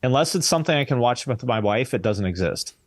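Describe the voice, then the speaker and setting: A man's voice: mid-range voice, animated, fast, dry recording, studio quality. An American man, a podcast guest in casual chat, blunt and sardonic, swearing casually. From United States.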